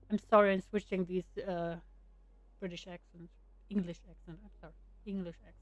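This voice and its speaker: A woman chatting through a game playthrough and reading the dialogue aloud, reacting with quick exclamations. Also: on the low side, flat delivery, no echo, lo-fi sound. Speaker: gaming streamer.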